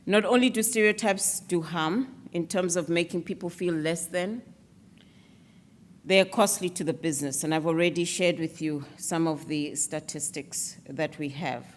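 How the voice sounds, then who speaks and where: A woman giving an earnest, measured speech at an awards event, with some fillers. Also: fairly low pitch. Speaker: speaker presenting an alliance against stereotypes.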